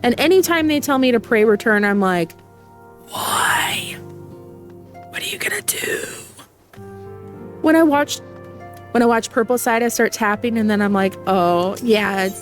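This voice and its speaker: A woman's voice: fairly high pitch, normal speed, faint music behind. A young woman streaming a game, chatting casually and reading the dialogue aloud, laughing often.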